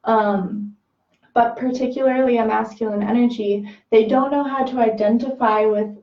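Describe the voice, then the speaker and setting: A woman's voice: fairly high pitch, steady tone, moderate pace. A woman co-hosting a spiritual talk, chatty and affirming, her speech full of fillers. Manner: chatty, agreeing, peppered with likes. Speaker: spiritual podcast co-host. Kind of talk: casual spiritual chat. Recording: roomy, distant, dull sound.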